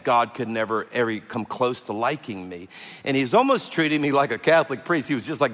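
A man, preaching a sermon as pastor, telling stories that move from loud and animated to hushed and tender. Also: mid-range voice. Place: large church hall. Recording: long hall reverb with faint music.

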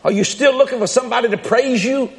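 A man preaching with fiery emphasis, shouting points and repeating them for the congregation. His voice sits high and gravelly, rising and falling across a wide range. A long reverb trails each line, with a faint crowd behind him. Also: fast talker. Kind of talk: sermon.

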